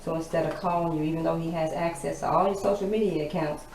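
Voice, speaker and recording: Woman doing a tarot reading, sassy and cussing a lot, lowish voice, roomy echo. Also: steady tone, quick pace. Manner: blunt, profane and sassy. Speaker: tarot reader. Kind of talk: casual tarot reading to camera. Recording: echoey room with background noise.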